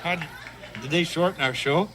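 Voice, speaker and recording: A man's voice: fairly high pitch, moderate pace, over a noisy crowd, heavy background noise, natural voice. An actor playing a groggy, just-woken Canadian man who grumbles for beer, with a whiny drawl that ends lines on 'eh', in a Canadian accent. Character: groggy half-awake Canadian brother who wants his beer.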